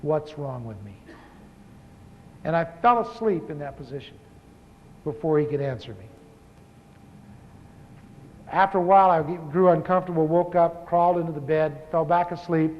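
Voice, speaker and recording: A man in his fifties, a pastor, telling his personal testimony in a relaxed, humorous storytelling manner, with frequent restarts. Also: on the high side, moderate pace, long pauses. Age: 50s. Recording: echoey hall, dull lo-fi tape.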